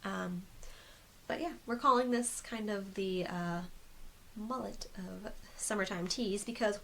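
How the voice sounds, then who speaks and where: A woman's voice: mid-range voice, takes it slowly, vocal fry, a bit bright, poor audio. A woman hosting a casual crochet video podcast, chatty and rambling, with frequent ums, seated at home on camera. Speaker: crochet designer and podcast host.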